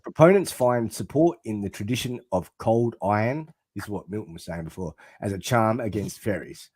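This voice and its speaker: A man co-hosting a podcast, reading a text aloud haltingly in casual chat. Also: lowish voice, expressive, darkish tone, slightly rough, no echo. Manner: reads text aloud haltingly, stumbling over words. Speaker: podcast co-host.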